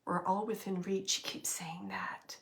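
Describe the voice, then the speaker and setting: Soft-spoken woman giving a spirit reading. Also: mid-range voice, fairly even intonation, unhurried. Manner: soft, drifting into whispers, musing aloud. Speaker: psychic medium.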